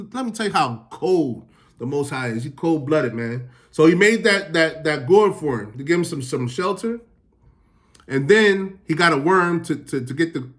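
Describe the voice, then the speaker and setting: High-voiced man explaining scripture casually. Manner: reads verses, then paraphrases them in slangy street talk. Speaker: Bible teacher.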